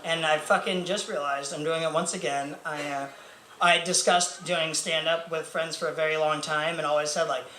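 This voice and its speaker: A man's voice: on the high side, fairly even intonation, moderate pace, sharp tone. Young man doing rambling stand-up. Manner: rambling, filler-heavy, self-mocking. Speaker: stand-up comedian. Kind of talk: stand-up comedy set. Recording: echoey club room with faint noise.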